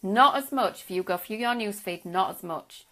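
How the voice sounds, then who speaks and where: A middle-aged woman giving a live video talk on stress as a coach, gentle and reassuring, often checking in with her viewers and restarting her sentences. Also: mid-range voice, moderate pace.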